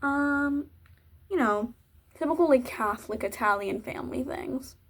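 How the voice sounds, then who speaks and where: A woman's voice: sits high, measured pace. A young woman from Virginia chatting casually while doing her makeup, rambling and poking fun at herself. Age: young adult. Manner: rambling, self-mocking, chatty. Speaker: vlogger. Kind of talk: casual get-ready-with-me chat.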